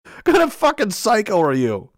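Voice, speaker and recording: A man rants in anger, profane and sarcastic, with a high voice that rises and falls a lot. He breaks into sudden shouts. The sound is dry and close. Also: wildly swooping pitch, moderate pace, no echo. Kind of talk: angry political rant.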